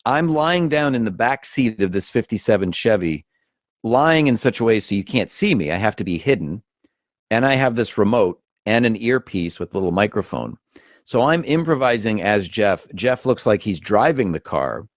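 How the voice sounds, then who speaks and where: A man with a lowish, very lively voice recounts his stories as an interview guest, jumping in and out of quoted voices. The sound is dry and close, with no room around it. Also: normal speed, no room sound. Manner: animated, acts out quotes with shifting voices. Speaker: guest, actor and comedian. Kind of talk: casual interview storytelling.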